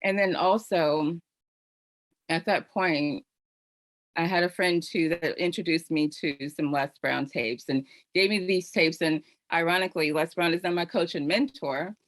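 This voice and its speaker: A middle-aged woman tells her own story as host of a virtual panel, speaking earnestly and from the heart with lots of "you know" fillers. Her voice is on the low side and unhurried, captured dry through a video call mic.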